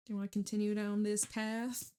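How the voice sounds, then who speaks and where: A woman talks through a tarot spread in a loose, chatty way, full of fillers and quick laughs. Her voice sits in an ordinary middle pitch for a woman. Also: level tone, mellow, clear, resonant tone. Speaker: tarot reader. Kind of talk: casual tarot reading.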